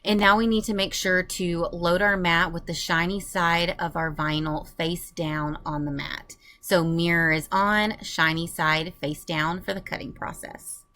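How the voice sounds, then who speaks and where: A woman narrating a software walkthrough voice-over, explaining each step calmly. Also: on the low side, unhurried. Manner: calm, step-by-step instructing. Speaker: tutorial narrator.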